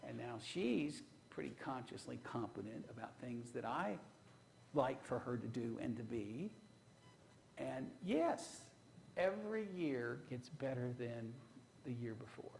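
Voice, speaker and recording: A man's voice: mid-range voice, lively intonation, measured pace, gravelly, a little mellow, a little hiss or hum, low-quality recording. A man preaching a sermon, telling folksy stories from his own marriage and putting rhetorical questions to the congregation. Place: church.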